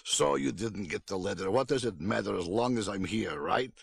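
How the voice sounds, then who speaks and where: Man reading as a blunt, unruffled old man of over a hundred with a foreign accent; gravelly and matter-of-fact. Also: fairly low pitch, lively intonation, normal speed, exaggerated voice. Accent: unnamed foreign accent. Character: very old male relative with an old-country accent.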